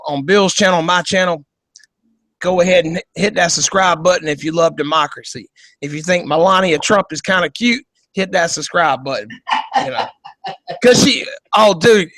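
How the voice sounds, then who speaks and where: A man with a high voice hosts a podcast over a video call and riffs on politics in a loose, profane, joking way. He rambles and restarts as he talks, and the sound is close and dry with no room around it. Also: pushed and bright, no room sound, poor audio. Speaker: podcast host. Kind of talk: casual political commentary.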